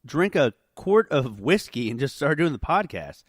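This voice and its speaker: Man mimicking his raspy brother. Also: mid-range voice, big pitch swings, moderate pace, no echo, studio quality, voice pushed up. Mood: complaining. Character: man's adult brother, scratchy-voiced, slightly drunk.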